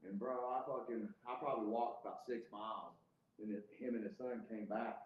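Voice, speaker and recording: A man's voice: on the low side, fairly even intonation, a little fast. A man telling a heated, profane story as a guest in casual podcast chat. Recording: roomy, slightly dull podcast audio.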